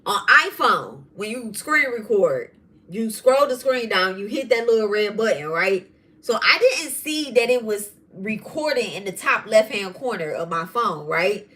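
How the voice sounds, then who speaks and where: A woman hosting a spiritual podcast who tells stories in a casual, animated way, swearing freely. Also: medium pitch, a little slow. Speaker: podcast host and tarot reader. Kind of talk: casual storytelling monologue.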